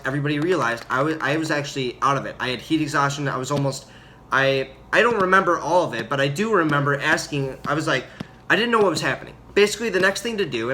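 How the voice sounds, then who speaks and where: A young man telling a story about his time as a Marine in a casual, rambling way, full of fillers and loud acted-out quotes. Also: medium pitch, low-quality recording. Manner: rambling, filler-heavy, acts out quotes loudly. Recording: audible background noise.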